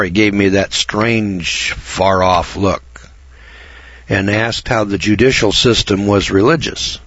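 A man's voice: lowish voice, slightly rough, dry recording, dull audio. Older man telling a rambling story. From Idaho. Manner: rambling, halting restarts, slow deliberate emphasis. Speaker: speaker telling a personal story. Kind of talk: casual storytelling, reading from notes.

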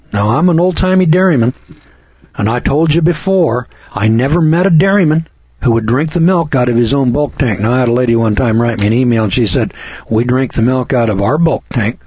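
A man's voice: medium pitch, darkish tone, slightly rough, no room sound. Folksy preachy older man on radio. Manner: folksy, preachy, stretches key words for emphasis. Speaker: radio host. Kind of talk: opinionated radio commentary. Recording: dull lo-fi radio sound.

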